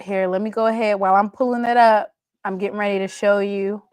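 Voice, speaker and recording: A woman hosting a casual sports show, excitable and answering chat commenters by name. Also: medium pitch, a little fast, clean tone, dry recording.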